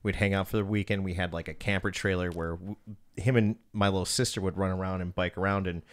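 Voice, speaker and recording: A man's voice: low-pitched, steady tone, fast talker. A man in his thirties hosting a casual podcast, telling personal stories, swearing often and calling people dude. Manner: swears often, storytelling, says dude a lot. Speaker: podcast host.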